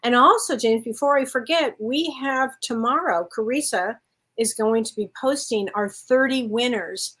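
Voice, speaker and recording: Enthusiastic woman with a slightly high voice. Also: fairly bright tone, breathy edge. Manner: enthusiastic, quick to praise and agree. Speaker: co-host, spiritual medium. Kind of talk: casual chat.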